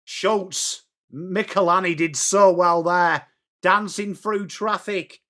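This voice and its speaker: An English man hosting a fan watchalong, chatting through the match as live fan commentary and breaking into shouts at big plays. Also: high voice, steady tone, takes it slowly. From England.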